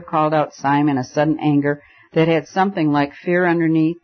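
A man's voice: fairly high pitch, steady tone, brisk. Man narrating an audiobook, lo-fi sound. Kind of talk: scripted narration. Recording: dull lo-fi recording.

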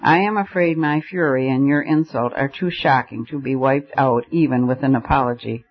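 A man's voice: mid-range voice, steady tone, normal speed, close to an everyday voice. A man reading the part of an intense, fiery young male poet who declaims his ideas dramatically, on a slightly muffled recording. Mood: grave.

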